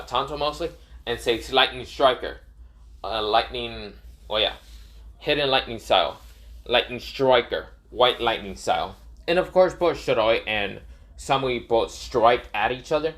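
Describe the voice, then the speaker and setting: A man retells a fan story off the cuff, rambling through it with fillers and frequent self-corrections. His voice sits at an ordinary, middle pitch. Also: a bit bright. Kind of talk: casual spoken story retelling.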